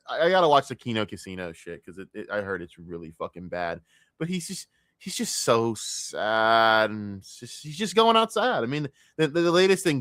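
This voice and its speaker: A male streamer gives profane, excitable reaction commentary, lurching from muttered asides into loud outbursts. His voice sits at an ordinary middle pitch and sounds close and dry, with no room around it. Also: dry recording. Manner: excitable, swears constantly, ranting with sudden loud outbursts.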